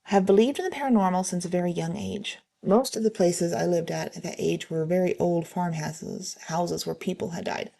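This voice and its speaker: A woman reading online stories aloud in a plain, steady way, with a few slips and restarts. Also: lowish voice, vocal fry.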